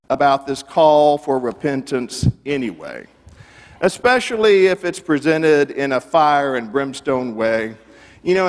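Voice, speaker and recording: A middle-aged man preaching a sermon, conversational and animated, full of rhetorical questions. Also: a little high, big-room sound. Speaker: pastor.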